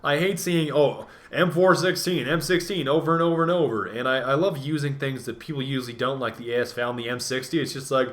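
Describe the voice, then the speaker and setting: A man's voice: mid-range voice, fairly even intonation, fast, few pauses, fairly bright tone. A man giving casual gameplay commentary, rambling along with jokes and self-mocking asides. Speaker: gaming commentator.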